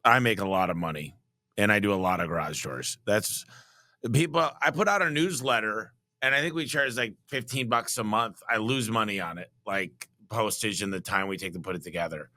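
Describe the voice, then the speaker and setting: A man's voice: fairly low pitch, animated, fairly quick, pushed and bright, no room sound, studio quality. A man hosting a podcast, talking in a casual, earnest way and passing on anecdotes. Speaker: podcast host.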